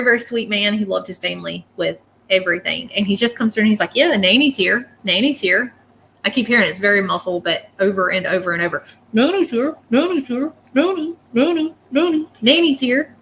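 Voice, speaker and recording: A woman's voice: medium pitch, pushed and bright, a little hiss or hum. A woman gives a live-stream psychic reading, chatty and often checking in with "okay?". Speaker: psychic medium.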